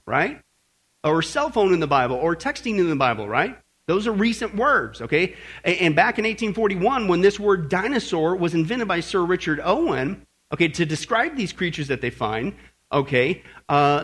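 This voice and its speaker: Husky, lively-voiced man teaching the Bible. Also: high voice. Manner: conversational, keeps checking in with "okay?" and "right?"; jokey, uses slang. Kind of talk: sermon-style Bible lesson to a group.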